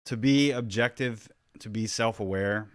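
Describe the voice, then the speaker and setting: A man's voice: on the low side, unhurried, smooth, no room sound, studio quality. A man giving casual reaction commentary, rambling and restarting his sentences as he thinks aloud. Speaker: YouTube commentator.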